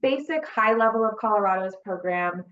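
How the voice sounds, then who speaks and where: A woman's voice: mid-range voice, animated, fairly quick. A woman, a nonprofit director, presenting on a video call in a plain, organized way. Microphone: computer mic on a video call. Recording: dull, lo-fi call audio.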